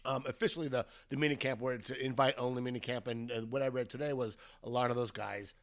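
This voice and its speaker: A man's voice: medium pitch, steady tone, quick pace. A man co-hosting a podcast in loose, chatty talk that drifts off track. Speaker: podcast co-host. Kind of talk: casual chat.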